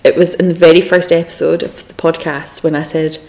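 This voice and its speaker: A woman's voice: deep voice, flat delivery, fairly quick, mellow. A woman in her twenties, co-hosting a podcast in casual chat, telling stories with frequent laughter. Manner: giggly storyteller, laughs often. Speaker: podcast co-host.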